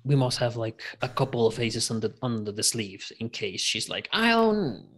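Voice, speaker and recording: A man's voice: fairly low pitch, fairly even intonation, moderate pace, breathy edge. A man player chatting in a tabletop game, hesitant and stammering as he restarts his thoughts. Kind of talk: casual chat in a tabletop game.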